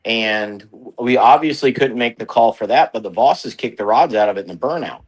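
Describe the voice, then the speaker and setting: A man's voice: mid-range voice, lively intonation, moderate pace, husky, poor audio. A man telling race stories in casual radio chat, laughing often.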